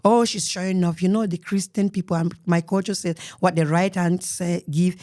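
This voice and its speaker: Cameroonian lady telling her story, kinda low voice, mellow, dry sound. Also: steady tone, normal speed, no echo. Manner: emotional, earnest storytelling with soft murmured asides. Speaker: guest. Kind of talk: personal story in an interview.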